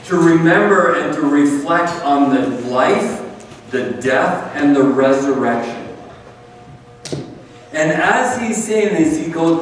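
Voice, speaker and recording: Pastor, male, slightly high voice, unhurried earnest sermon delivery, booming hall reverb. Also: expressive, slight background noise. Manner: earnest, conversational preaching with emphatic repetition. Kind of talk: communion sermon. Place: church sanctuary. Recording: echoey hall, far from the mic.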